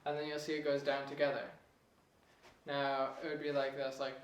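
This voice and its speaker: A young man giving a casual piano lesson, relaxed and chatty, chuckling at himself now and then. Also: mid-range voice, moderate pace, distant mic, heavy background noise. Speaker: piano teacher. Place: room with a piano. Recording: echoey room, voice off-mic.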